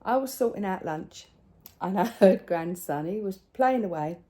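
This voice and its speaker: Older woman, home crafting vlogger; relaxed mellow voice, rambling chatty delivery with quiet asides. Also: medium pitch, normal speed. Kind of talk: casual chat showing crafts.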